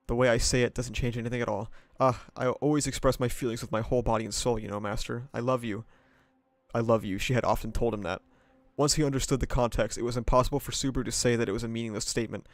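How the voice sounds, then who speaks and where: A man's voice: mid-range voice, dry recording. A man streaming himself reading a novel aloud, breaking off into casual, profane asides and laughter.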